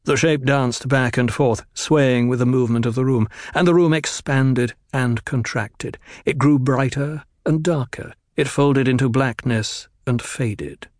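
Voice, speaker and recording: In a measured, even storytelling style, a man narrates an audiobook. His voice sits in the mid range, and the recording is dry and of studio quality.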